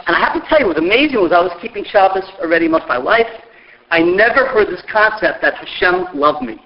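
A middle-aged man telling stories about a mentor, lively and acting out the voices of the people he quotes. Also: high-pitched, quick pace. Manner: lively storyteller who acts out quoted voices. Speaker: speaker sharing memories of a mentor. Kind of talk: animated storytelling talk. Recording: dull lo-fi recording.

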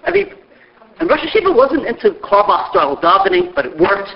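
A middle-aged man tells stories with a high, gravelly voice that leaps across a wide range. He acts out the people he quotes as he goes. The recording sounds dull and lo-fi. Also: a little fast. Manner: lively storyteller who acts out quoted voices. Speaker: speaker sharing memories of a mentor. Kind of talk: animated storytelling talk.

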